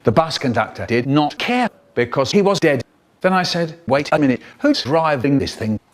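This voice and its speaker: A man narrating a comic story, lively and jumping into high silly voices for the quoted lines. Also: moderate pace.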